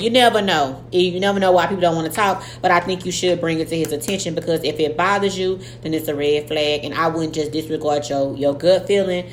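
A woman co-hosting a podcast, giving blunt, slangy advice in casual chat. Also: lowish voice. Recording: echoey room with faint noise.

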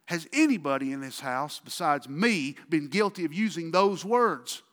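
A man preaching a sermon as pastor, swinging from shouted outbursts to quiet, low asides. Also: lively intonation, normal speed, in a large hall.

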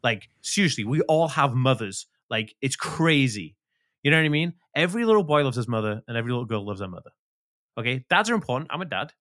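A man talking as a podcast guest, animated and emphatic, swearing freely. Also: mid-range voice, fast talker. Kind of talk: casual interview talk.

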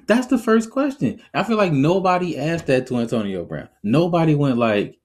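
Animated man hosting a podcast. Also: a little high, moderate pace. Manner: animated, acts out quotes, laughs often; conversational, reflective. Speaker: podcast host. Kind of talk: casual opinion talk.

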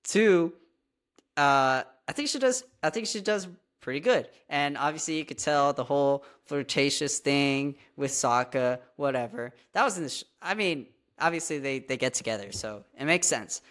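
Chatty podcast co-host, mid-pitched. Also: moderate pace. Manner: chatty and animated, many fillers of "like". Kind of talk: casual podcast chat.

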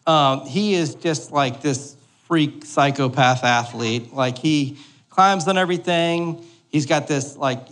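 A man's voice: on the high side, fairly bright tone. A pastor in his thirties giving a sermon in a church hall, joking and conversational, often checking in with the congregation. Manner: joking, conversational, keeps asking "all right?".

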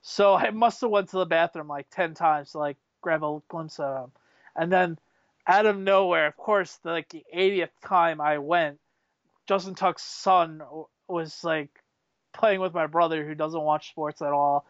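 A man casually telling excitable, rambling stories, full of fillers and restarts. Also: fairly high pitch, a little slow, no echo, muffled recording. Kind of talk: casual storytelling chat.

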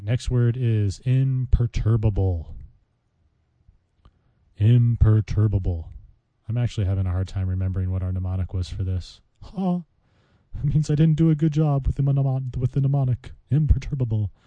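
A man's voice: fairly low pitch, lively intonation, normal speed, mellow, no room sound. A man hosting a casual vocabulary podcast, chatting playfully as he walks through word mnemonics. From United States. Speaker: podcast host teaching vocabulary.

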